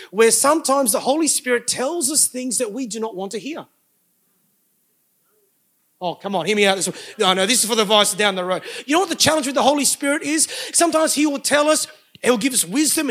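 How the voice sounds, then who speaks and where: A man's voice: high voice, creaky, a bit bright. A man, preaching a sermon as pastor with emphatic bursts and joking asides to the congregation.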